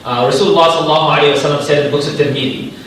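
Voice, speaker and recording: A young man giving a casual, joking Islamic talk to students, slangy and animated. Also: on the high side, rapid-fire, a little hiss or hum. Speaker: Islamic speaker. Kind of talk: informal lecture to students. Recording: echoey hall from far off.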